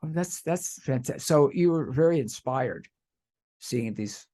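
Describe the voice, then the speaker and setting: An older man hosting an interview show, telling rambling anecdotes in a casual chat with a husky voice. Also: medium pitch, animated, unhurried, warm tone. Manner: rambling anecdotal storytelling with restarts. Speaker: radio talk show host.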